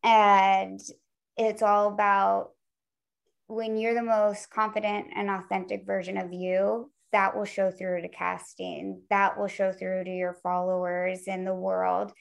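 Earnest woman giving career advice, gravelly edge. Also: medium pitch, flat delivery, measured pace. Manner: earnest, encouraging, with frequent fillers. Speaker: talent manager, guest.

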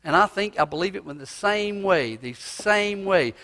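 A male pastor preaching a sermon in a church, swinging from loud cries to hushed asides. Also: high-pitched, lively intonation, moderate pace. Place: church sanctuary. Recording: long reverb of a church hall.

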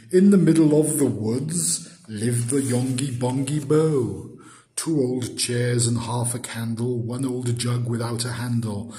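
A man giving a poetry recital in a rhythmic, measured reading voice. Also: medium pitch, mellow. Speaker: poetry reader.

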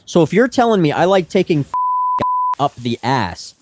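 A man's voice: a little high, big pitch swings, moderate pace, background noise. Playful man joking while gaming. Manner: playful, goofy. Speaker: gamer. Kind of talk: casual chat while gaming.

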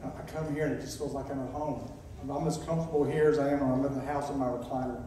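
A sixty-year-old man, giving a halting personal testimony in church, near tears and full of pauses. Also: mid-range voice, steady tone, dark tone, slight background noise. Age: 60s. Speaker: church member announcing a calling. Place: church sanctuary. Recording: echoey church, distant mic.

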